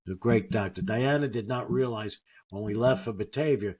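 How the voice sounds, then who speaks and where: A man's voice: lowish voice, moderate pace. An older man, a comedian, telling personal stories casually and acting out what others said. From United States. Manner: animated anecdotes, acting out quotes. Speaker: guest comedian. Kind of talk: casual storytelling.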